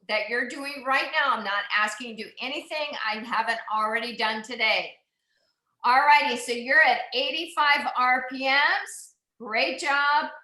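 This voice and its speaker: A cycling instructor speaks in a fairly high-pitched, sharp-toned voice. Coaching her indoor class with upbeat encouragement, she calls out numbers and cheers on riders, and the room is echoey.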